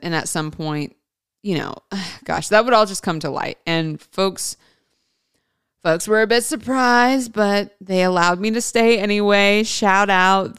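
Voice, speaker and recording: A woman's voice: on the low side, a bit bright, smooth, no room sound, studio quality. A woman actress chatting to her viewers in a casual storytelling vlog, talking freely and laughing often. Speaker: actress and vlogger.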